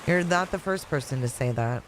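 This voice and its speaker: Animated and a little fast, this deep-voiced host runs a casual livestream, chatting and answering viewer comments in succession. She has a Michigan accent and is riding out a hurricane at home in Florida; the recording is rough, with slight background noise.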